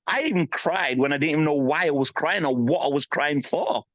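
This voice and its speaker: A man's voice: on the high side, moderate pace, few pauses, a bit bright, no room sound. A man in his fifties, a guest on a podcast, talking candidly in a blunt, emphatic way and often asking "you know what I mean". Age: 50s. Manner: blunt, emphatic, swears freely. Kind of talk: candid interview talk. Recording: slightly dull lo-fi sound.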